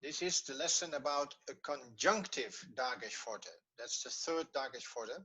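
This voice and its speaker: A man's voice: medium pitch, moderate pace, bright, forceful tone, breathy edge. A man with a Dutch accent teaching Hebrew grammar in an online class, patiently repeating rules and fumbling with the video playback.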